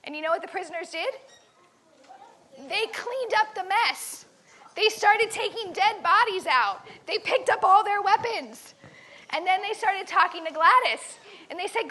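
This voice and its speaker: Very high, bright woman telling a story. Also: measured pace. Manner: animated, dramatic, quizzes the listeners. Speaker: camp teacher. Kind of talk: storytelling to children.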